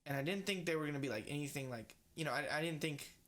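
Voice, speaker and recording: A man's voice: on the high side, fast talker. A young man co-hosting a casual podcast, telling stories with lots of "like" and free swearing. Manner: animated storyteller, heavy filler "like", swears freely. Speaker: podcast co-host. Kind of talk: casual chat.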